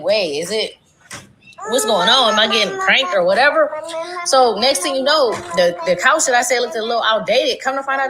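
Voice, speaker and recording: A woman streamer telling a long, profane storytime tale in a casual, animated way, her voice jumping high for quoted lines. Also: noisy background. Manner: animated, profane, dramatic voice swings.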